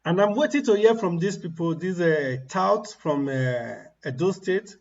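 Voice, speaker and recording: A man's voice: high-pitched, animated, a little slow, muffled recording. A man giving mocking, ranting political commentary on a livestream, laughing at the people he criticizes.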